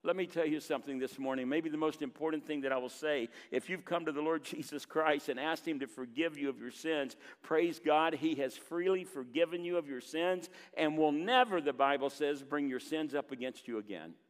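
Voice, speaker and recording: Male pastor preaching earnestly, voice a touch high, long hall reverb. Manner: earnest preaching, reading scripture aloud with pauses and emphasis. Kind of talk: sermon. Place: church sanctuary.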